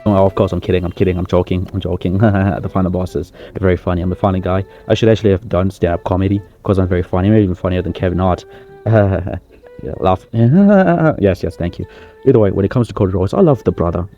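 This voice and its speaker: A man's voice: sits low, fast talker, warm tone, highs cut off, faint music behind. A man playing a boastful male wrestling star who rambles through a comedy press conference. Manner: cocky, rambling, self-praising. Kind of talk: comedy sketch.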